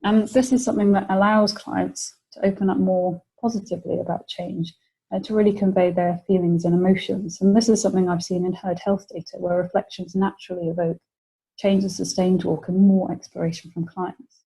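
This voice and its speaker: A woman's voice: fairly low pitch, level tone, a little fast, creaky, dark tone, slightly rough, rough recording. A British woman presenting a webinar lecture, explaining ideas and acting out example phrases for clients.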